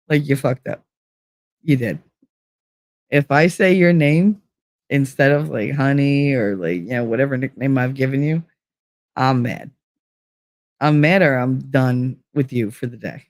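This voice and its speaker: A woman's voice: deep voice, no echo, studio quality. A woman live streamer in casual chat, rambling from one story to the next, giggling and swearing freely.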